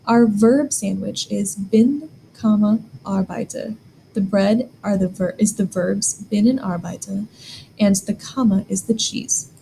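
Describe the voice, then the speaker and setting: A woman's voice: medium pitch, slow pace, vocal fry, dark tone, slight background noise, poor audio. A woman teaching a German grammar lesson, explaining step by step and asking the learner questions.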